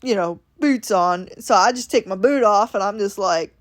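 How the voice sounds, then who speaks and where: A woman's voice: medium pitch, moderate pace. A woman from Ohio casually telling a story from her week, animatedly acting out what people said. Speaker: vlogger.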